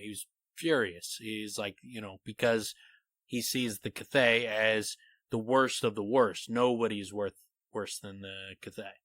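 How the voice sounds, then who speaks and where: In an unhurried voice on the low side, a man co-hosts a podcast with no room sound. Casual and animated, he explains a fantasy book theory and reads passages aloud to support it.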